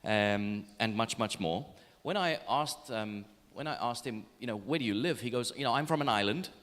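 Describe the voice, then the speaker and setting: A man's voice: mid-range voice, normal speed, a bit bright. A man from Greece introducing a keynote speaker, joking and telling a story about him. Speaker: event host. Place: large conference hall. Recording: hall reverb from stage mic.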